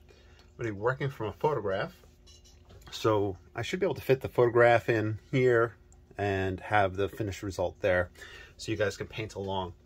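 Man, fairly low voice, easygoing art teacher thinking aloud as he paints. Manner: casual, rambling, thinking aloud while painting. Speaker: watercolor painting instructor. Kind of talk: relaxed painting tutorial.

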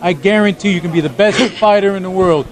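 Chummy high-voiced male interviewer. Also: fast. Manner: friendly, chummy, says "man" and "you know" a lot. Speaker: interview host. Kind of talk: casual interview.

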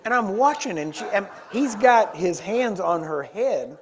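Storytelling preacher man, slightly high voice. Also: moderate pace, hardly any pauses, some chatter behind. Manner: rambling anecdotes with self-corrections, grows animated. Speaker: guest preacher. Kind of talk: storytelling sermon. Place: church. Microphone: small wearable microphone.

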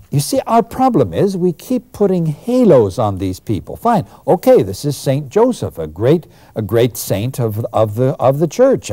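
A man lectures on the New Testament, retelling scenes with emphatic, animated delivery. His pitch moves widely as he stresses points, and his voice has a mellow, dark warmth. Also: no room sound.

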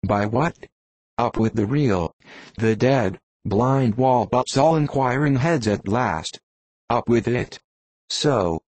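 A man's voice: medium pitch, slow pace, a little mellow, no room sound. A man voicing an old, superstitious sailor in an audiobook, muttering and rambling. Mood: musing.

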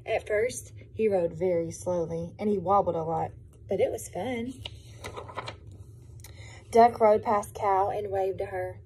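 A woman, a preschool teacher, reading a picture book aloud to young children in a gentle, encouraging, expressive way. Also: mid-range voice, measured pace, pauses often, slight background noise.

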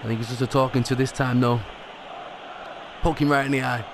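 Man commentating a football video game, gravelly voice, excitable at big moments, faint room ambience. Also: mid-range voice, a little fast, background noise. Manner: excitable, rises sharply at goals. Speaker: gaming commentator.

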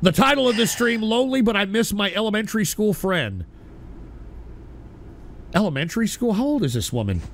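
A man with a drawl hosts a live stream in a strikingly high, gravelly voice. His pitch swings widely as he shouts in mocking, overblown concern. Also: very animated, a little fast, long pauses, a little hiss or hum. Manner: loud, mocking, with sudden shouts. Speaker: streamer host.

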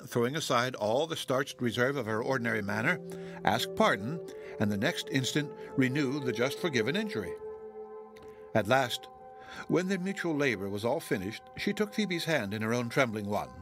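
A male audiobook narrator reading a classic novel in a measured, expressive voice, slowing down on solemn phrases. His voice sits in a middle pitch. Quiet music plays underneath. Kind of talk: scripted narration.

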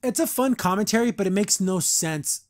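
A man's voice: high-pitched, animated, normal speed, heavy background noise. A man hosting a podcast, casually recapping a cartoon episode, rambling with lots of "like" and acting out the lines he quotes. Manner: rambling, full of "like", acts out quotes.

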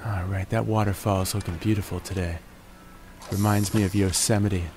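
A man with a groggy morning voice talks through his gameplay in a relaxed, joking way, narrating each step. His voice sits on the lower side. A steady noise runs under the recording. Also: brisk. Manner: relaxed, jokey, narrates each move with puns. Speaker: gaming video host. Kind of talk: gameplay commentary.

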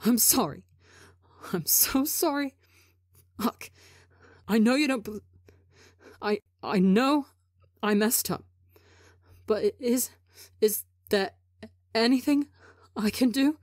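A woman's voice: mid-range voice, slow, pauses often, darkish tone, dry recording, studio quality. A woman reading a desperate, apologetic young man in a story, pleading with stammers and broken restarts. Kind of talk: audiobook character reading.

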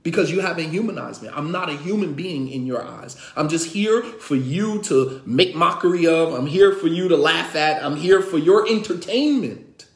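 A man's voice: on the high side, expressive, moderate pace, creaky, hardly any pauses, roomy sound. A man who is an imam, teaching a religious class in an emphatic, repetitive way with many rhetorical questions. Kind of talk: impassioned religious class lecture.

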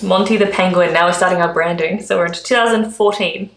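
A woman's voice: lowish voice, fairly even intonation, fast, fairly bright tone, reverberant, low-quality recording. A woman with an Australian accent, a vlogger chatting and gushing as she reacts to adverts. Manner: chatty and gushing, full of "like" fillers. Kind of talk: casual reaction commentary.

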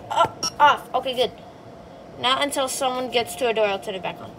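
A woman hosting a horror gameplay video. She talks to the game characters in a jumpy, excitable way and rambles with many fillers. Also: a little high, brisk, long pauses, a little hiss or hum, poor audio. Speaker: gaming channel host. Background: loud game music.

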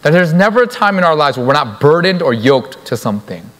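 Young guy preaching in church, hammers words over and over, slightly high voice, echoey live stream. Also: big pitch swings, fairly quick, a bit bright. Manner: emphatic, repeats key words for stress. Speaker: pastor. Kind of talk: sermon. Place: church sanctuary.

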